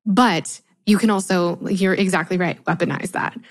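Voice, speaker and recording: A woman's voice: fairly low pitch, normal speed. A woman hosting a podcast, chatting eagerly and agreeing with her guest. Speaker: podcast host. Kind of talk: casual chat.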